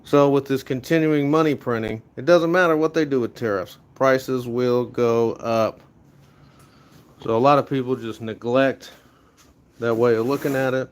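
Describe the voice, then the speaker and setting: A man's voice: medium pitch, fairly even intonation, normal speed, clear, resonant tone. A young American man live-streaming from his home garage, chatting casually with viewers and giving rambling, upbeat pep talks while he sorts tools. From USA. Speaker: livestreaming garage vlogger.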